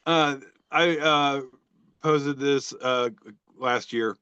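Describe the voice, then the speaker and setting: A man's voice: medium pitch, drawn-out words, bright, forceful tone, smooth, dry recording, muffled recording. A man co-hosting a casual podcast, reading out social media posts with a joking, rambling delivery and lots of fillers. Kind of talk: casual chat.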